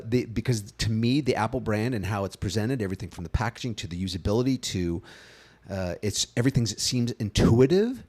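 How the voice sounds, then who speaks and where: A man in his fifties co-hosting a casual branding podcast, with a fairly low voice. He talks in an animated way, leaping up in pitch to act out the people he quotes. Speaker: co-host, brand strategist.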